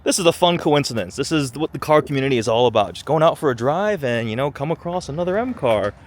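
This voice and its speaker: Excited male car vlogger, lively voice. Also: mid-range voice, fast talker. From Michigan, USA. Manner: enthusiastic, chatty, rising excited exclamations. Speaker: car reviewer. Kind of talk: casual car vlog. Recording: noisy outdoor car recording.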